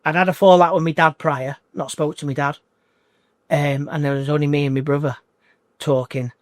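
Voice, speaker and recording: Man, forties, coaching client in an emotional interview; halting and repetitive delivery, slightly high voice, dry close recording. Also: steady tone, dry recording. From United Kingdom. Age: 40s. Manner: halting, repeats himself, restarts phrases.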